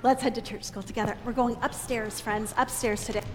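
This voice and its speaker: A woman leading a children's sermon in a church sanctuary, talking in an animated, teacherly way and having the children repeat lines after her. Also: a little high, brisk. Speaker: children's message leader. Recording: long reverb in a big church hall, faint ambient noise.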